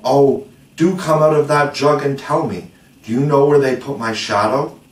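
A man's voice: mid-range voice, steady tone, normal speed, pitched above the performer's own voice, natural voice. A man voicing a cheeky, proud young boy who talks boastfully and indignantly. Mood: pleading. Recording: roomy, distant mic.

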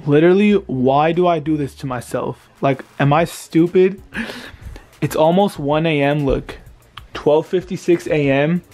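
A man's voice: fairly high pitch, a little slow, a little mellow. A man in his twenties venting in an exasperated, self-pitying rant about his team losing, filmed at home late at night. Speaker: vlogger. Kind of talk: venting sports reaction vlog.

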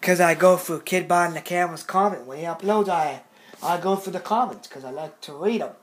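A man ranting to his phone camera in a vlog, scolding and repeating himself slowly and emphatically. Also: sits high. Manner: repetitive, scolding, slow and emphatic. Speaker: video uploader. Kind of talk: angry vlog rant to camera.

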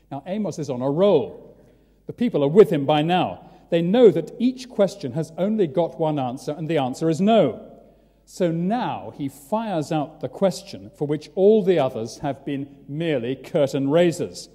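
A man preaching a sermon in a large church, telling it with lively, dramatic storytelling. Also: on the high side, normal speed. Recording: long church reverb.

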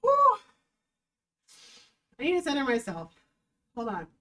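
A woman dog trainer giving casual reaction commentary, animated and sarcastic, often breaking into laughter. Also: a little high, measured pace, distant mic, rough recording.

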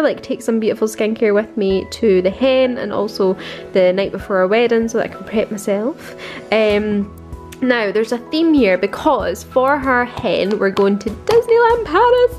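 A young British woman talks into a handheld camera in a chatty, gushing vlog style, her voice sitting a little high for a woman. Faint music plays softly behind her. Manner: chatty, gushing, full of "like" fillers. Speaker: vlogger. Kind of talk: casual vlog chat.

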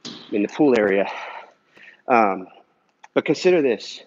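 A man's voice: on the low side, lively intonation, measured pace. A man walking through an indoor pool area while talking earnestly and casually to a viewer, with many "man" and "you know" fillers. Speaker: Christian vlogger answering a viewer comment. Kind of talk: casual spoken encouragement. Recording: dull lo-fi recording.

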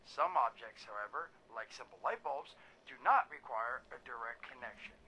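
A man's voice: medium pitch, normal speed, a little hiss or hum, low-quality recording. An actor playing a cheery male holotape instructor, presenting like a showman in a game. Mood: instructive. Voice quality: lively, sing-song presenter voice. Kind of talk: recorded game audio tape.

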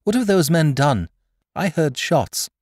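A man lifts his voice to play an anxious young woman aboard a ship in this storybook reading. Her questions come quick and worried. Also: on the high side, expressive, darkish tone, dry recording, clean studio sound, voice pushed up. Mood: alarmed.

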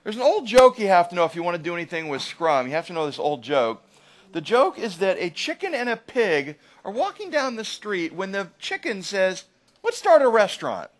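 A man giving a live lecture to an audience as an agile trainer, animated and often checking in with "right?". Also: high-pitched, fairly quick.

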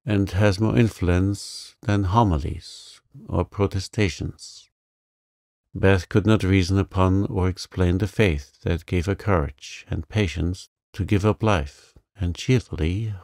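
A man narrating a classic novel as a calm sleep story, slow and soothing, on a close microphone. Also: low-pitched, gravelly, dry recording.

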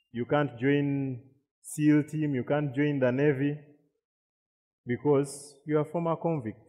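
A man's voice: mid-range voice, darkish tone. A man preaching a sermon, repeating words and asking the congregation questions. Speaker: pastor. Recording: long reverb of a hall.

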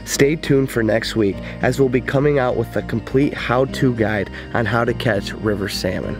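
Calm man narrating over music. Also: medium pitch, normal speed. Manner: steady, explanatory. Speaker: fishing vlog host. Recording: voice-over with clear background music.

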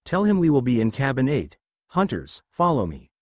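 A man's voice: medium pitch, wildly swooping pitch, moderate pace, no room sound. A man voicing a stiff, proud young huntress leader in a fan story reading.

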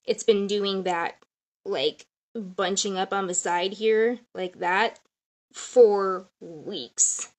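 A woman's voice: medium pitch, fairly even intonation, very slow. A woman in her thirties talking casually on a live stream, rambling and jumping from topic to topic. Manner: rambling, chatty, jumps between topics. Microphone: phone or webcam on a live stream.

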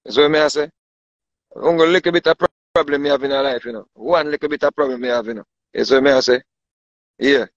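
In a casual rant to camera, a Jamaican-accented man boasts and repeats himself, often asking if you understand. His medium-pitched voice holds a steady tone and moves quickly. The sound is dull, dry, and lo-fi, with no echo.

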